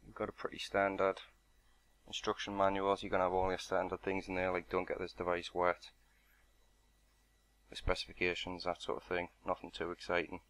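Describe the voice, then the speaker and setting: A man's voice: sits low, monotone, brisk, a bit bright. A man narrating an unboxing and product walkthrough in a matter-of-fact, explanatory way. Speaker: product reviewer.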